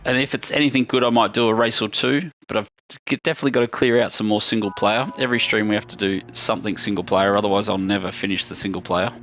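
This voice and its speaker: A man's voice: fairly low pitch, steady tone, fast talker, a bit bright. An Australian man chatting casually while streaming a racing game, laid-back and talkative. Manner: chatty and laid-back, often says "mate". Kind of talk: casual live-stream gameplay commentary.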